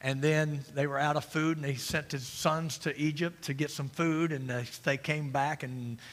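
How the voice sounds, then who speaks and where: A middle-aged man preaching an emphatic sermon as pastor, swinging between loud and quiet. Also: a little high, steady tone, moderate pace. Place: church sanctuary. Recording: long reverb of a church hall.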